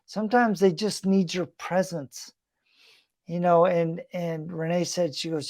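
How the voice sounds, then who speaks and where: A man's voice: high voice, fairly even intonation, measured pace, darkish tone, dry recording, studio quality. A middle-aged man hosting a podcast, telling a heartfelt personal story in an earnest, reflective, conversational way. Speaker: podcast host.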